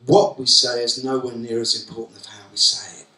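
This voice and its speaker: Bright-voiced man giving a keynote. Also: mid-range voice, a little fast. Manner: lively, joking, quizzes the audience directly. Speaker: keynote speaker. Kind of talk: conference keynote talk. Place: conference hall at a college. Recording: echoey hall from far off.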